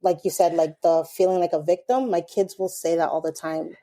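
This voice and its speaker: A middle-aged woman talks earnestly as a podcast guest, pausing and restarting as she reflects. Her voice is low and warm, with a mellow tone. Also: steady tone. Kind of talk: casual chat.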